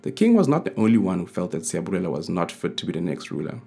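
A man reads his own storybook aloud at a measured, gentle pace. His voice is deep with a husky edge. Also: animated. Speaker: co-author reading his book.

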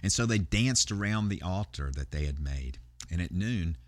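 A man's voice: low voice, animated, moderate pace, no echo. A male pastor retelling a Bible story in a sermon, talking conversationally with frequent fillers and restarts.

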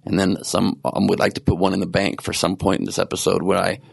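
A man's voice: sits low, little pitch movement, quick pace, vocal fry, husky. A man hosting a podcast in casual, rambling chat, joking at his own expense and sleep-deprived. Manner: rambling, self-mocking, jokey asides. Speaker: podcast host.

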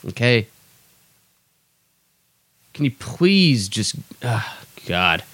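Drawing out his words in a sing-song way, the young podcast host vents in a casual, cursing monologue, exasperated and quick to mock himself. His medium-pitched voice is a bit bright, and the recording is dry.

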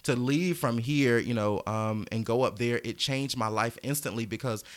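A man in his thirties from the American South telling stories from his past as an interview guest, animated, acting out voices and laughing often. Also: medium pitch, normal speed. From Georgia, US. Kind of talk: storytelling in casual conversation.

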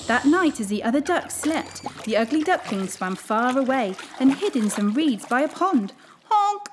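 A woman hosting a children's story show, reading a storybook aloud in an expressive, animated way. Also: high voice, normal speed, a little hiss or hum. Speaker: children's story reader, host.

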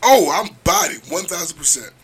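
A man co-hosting a casual podcast, joking loudly and laughing often as he banters with friends. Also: fairly high pitch, moderate pace, husky. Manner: animated, laughs often, mock voices. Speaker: podcast co-host.

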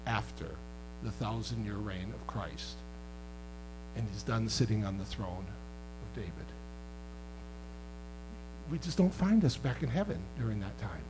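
A man preaching a sermon as pastor, swinging from loud impassioned outbursts to quiet conversational asides and teasing his congregation. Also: medium pitch, rough recording.

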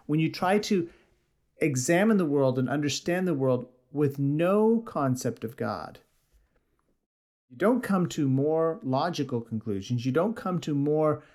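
A man's voice: mid-range voice, darkish tone. A man preaching a sermon, reading scripture aloud and earnestly expounding it.

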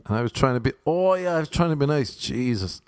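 A man's voice: mid-range voice, lively intonation, quick pace, clean tone. An Irish man rambling through a comic monologue, self-mocking and full of rhetorical questions. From Ireland. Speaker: vlogger.

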